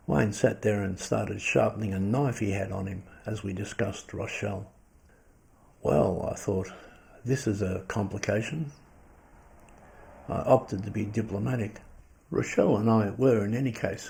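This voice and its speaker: A man reading his own first-person short story in a dry, wry, deadpan way. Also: fairly low pitch, gravelly.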